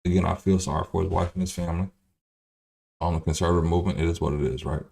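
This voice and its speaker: Deep gravelly man ranting on a livestream. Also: steady tone, very fast, dark tone. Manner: blunt, profane, rambling. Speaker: livestream host. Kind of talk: casual livestream commentary.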